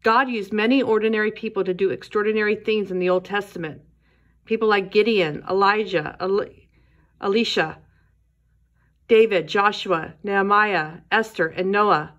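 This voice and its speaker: A woman teaching a Sunday school lesson, telling a Bible story to children in a gentle storytelling way. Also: mid-range voice, normal speed, lo-fi sound.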